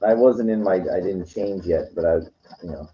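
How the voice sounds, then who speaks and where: A man's voice: low voice, moderate pace, mellow. A man talking in a loose, rambling way, full of "you know" and "like" with frequent restarts. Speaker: weekend vlogger. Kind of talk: casual rambling monologue. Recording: dull lo-fi recording.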